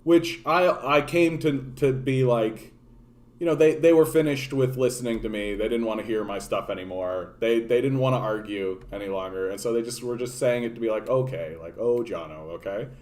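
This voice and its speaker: Canadian man, political streamer, mid-pitched voice, profane sardonic rambling to chat. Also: steady tone, normal speed, a little mellow. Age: adult, grown since his younger days. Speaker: political livestream host. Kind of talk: casual rant to live chat.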